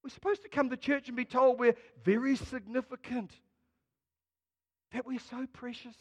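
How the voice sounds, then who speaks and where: A man with a notably high voice preaches a sermon, moving between hushed asides and forceful emphasis. His words ring out with a long reverb, as if in a church. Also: normal speed, breathy edge. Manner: expressive preaching, swinging between quiet and loud. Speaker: pastor.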